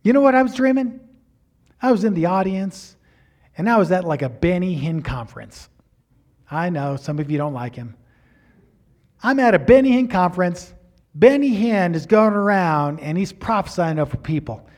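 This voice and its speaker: A middle-aged male pastor telling a personal story in a sermon, animated, acting out the quotes with big swings in loudness. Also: sits high, moderate pace.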